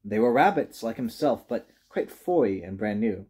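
Mellow, husky male storyteller. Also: fairly low pitch, expressive, normal speed. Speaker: reader. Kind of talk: storybook narration.

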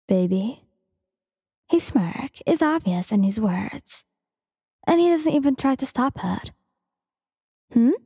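Brief: woman narrating fan fiction casually, slangy, dark mellow tone, dry close mic with faint long reverb. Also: fairly high pitch, gravelly, husky. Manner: casual, slangy, playful cursing.

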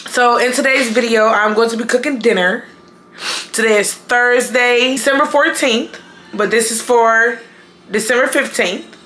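A woman's voice: fairly high pitch, bright, forceful tone, slight background noise, low-quality recording. Sleepy, chatty young woman vlogger. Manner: playful and chatty, addresses viewers as y'all. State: sleepy, voice a bit worn. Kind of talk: casual cooking vlog. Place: home kitchen.

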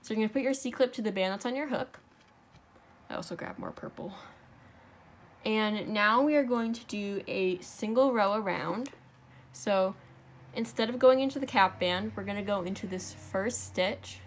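A woman's voice: medium pitch, normal speed, a little hiss or hum. Chatty young woman teaching a craft. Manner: chatty, self-correcting, talks while working. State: out of breath. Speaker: craft tutorial host. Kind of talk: casual step-by-step craft tutorial. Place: home.

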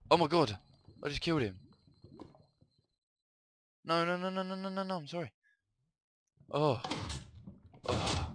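A man's voice: on the high side, lively intonation, measured pace, pauses often, background noise. A man giving let's play commentary on a horror map, reacting with startled exclamations and swearing. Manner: startled, swearing reactions mixed with reading in-game text aloud. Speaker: gamer playing a horror map.

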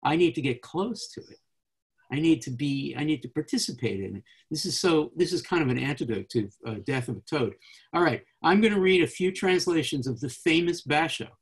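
Guy hosting a poetry chat on a video call, a bit husky, reads poems out slow. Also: fairly high pitch. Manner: reads translations aloud slowly, chatty and animated between. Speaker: host. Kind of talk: casual poetry discussion over video call.

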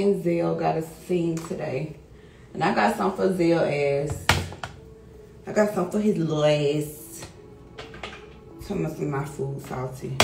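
A middle-aged woman talking casually on a livestream, loud and animated, laughing often. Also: lowish voice, vocal fry. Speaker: livestream host. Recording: echoey room with music behind.

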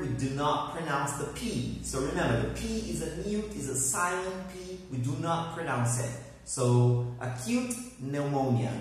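A man with a Portuguese first language teaches English vocabulary at a slow pace, spelling out each word for his learners to repeat. His voice sits a little high for a man. The room is very echoey and he sounds some way from the mic. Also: a little hiss or hum. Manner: slow, drilling words with "repeat after me". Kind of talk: online English lesson. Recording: very echoey room, heard from a distance.

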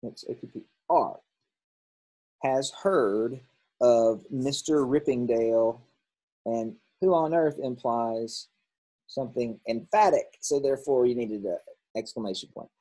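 A man teaching a grammar lesson, working through workbook answers out loud, thinking aloud and correcting himself as he goes. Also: mid-range voice, measured pace, rough recording.

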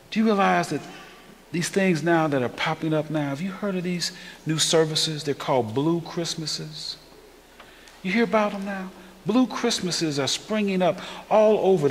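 A male pastor preaches in a church, his voice a little high for a man. He speaks conversationally, putting questions to the congregation and building to emphatic peaks. The sound carries a long hall echo over a faint hiss. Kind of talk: informal sermon. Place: church sanctuary.

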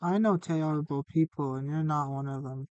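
Young man, boyfriend, casual gaming chat, teasing, jokey, slightly high voice, dry close sound. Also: steady tone, moderate pace, a little mellow, no echo, muffled recording. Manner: teasing, joking. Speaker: streamer's boyfriend.

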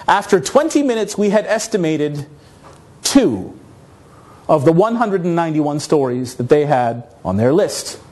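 A man from North America giving a conference talk, telling a story in an animated, self-mocking way. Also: fairly high pitch, a little slow. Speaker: conference speaker.

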